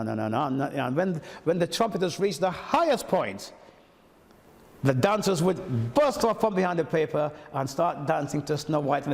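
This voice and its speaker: Older man, animated storyteller, gravelly voice, long room reverb. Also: fairly high pitch. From Montserrat. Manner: animated storyteller who acts out quoted speech. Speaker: toastmaster. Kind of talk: anecdotal storytelling.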